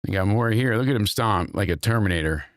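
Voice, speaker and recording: A man hosting a casual podcast chat, reacting to clips. He swears loudly and his pitch jumps high when he gets worked up. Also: lively intonation, fast talker, dry recording, clean studio sound. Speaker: podcast host.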